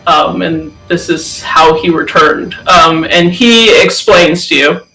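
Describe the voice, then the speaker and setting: A man's voice: fairly high pitch, slow, bright, forceful tone, soft background music, low-quality recording. A man narrating as game master of a tabletop game, chatty and laughing, with many fillers.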